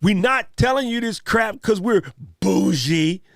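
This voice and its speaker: A man's voice: high-pitched, unhurried, creaky, no echo, studio quality. A man hosting a live stream Q&A, chatting casually and animatedly with viewers in slang. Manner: animated, slangy, talks straight to chat viewers.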